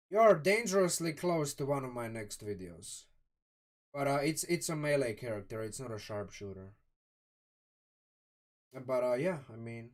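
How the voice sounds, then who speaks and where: A man from Croatia casually reviewing a game rulebook live, thinking aloud with many restarts and chatty asides to his viewers. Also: on the high side. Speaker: streamer reviewing a game sourcebook. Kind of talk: live-stream casual commentary.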